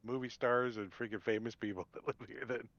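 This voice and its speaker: A man's voice: mid-range voice, fairly even intonation, fairly quick, highs cut off, a crowd in the background. An American man joining a livestream chat, joking in a laid-back way. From United States.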